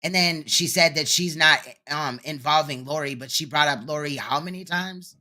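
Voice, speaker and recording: A commentator with a bright, forceful voice talks over a replayed livestream. The delivery is blunt, sarcastic and profane, with pointed rhetorical questions. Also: medium pitch, normal speed. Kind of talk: reaction commentary on a livestream clip.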